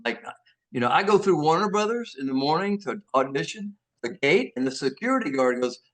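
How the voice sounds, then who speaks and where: An older actor being interviewed, telling animated stories with many restarts and acting out the voices of people he quotes. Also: a little high, a little fast. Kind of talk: anecdotal storytelling.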